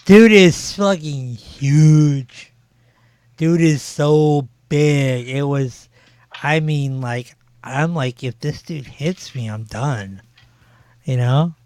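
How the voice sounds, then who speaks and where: A man in his forties hosts a casual podcast chat, talking at an unhurried, slow pace and wandering through his stories with plenty of ums. His voice comes across smooth and clear, recorded close and dry with no room sound. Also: medium pitch, a little mellow, no room sound. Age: 40s. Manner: rambling, filler-heavy storytelling. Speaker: podcast host.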